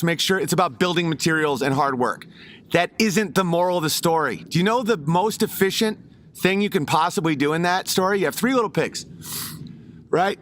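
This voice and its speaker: A man's voice: a little high, a bit bright. A man giving a rambling, casual monologue, often restarting his sentences. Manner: rambling, with many fillers and restarts.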